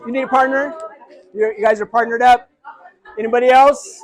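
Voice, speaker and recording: A man giving a live motivational keynote, energetic and interactive, calling out to a big audience in a large hall. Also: very high voice, fairly quick, long pauses, a faint crowd. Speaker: keynote speaker.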